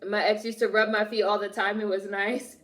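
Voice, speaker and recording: Animated woman chatting on a stream. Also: mid-range voice, a little fast, a little hiss or hum. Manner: animated, laughs often, reads chat aloud. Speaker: streamer reacting to a film with chat. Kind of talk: casual live-stream chat.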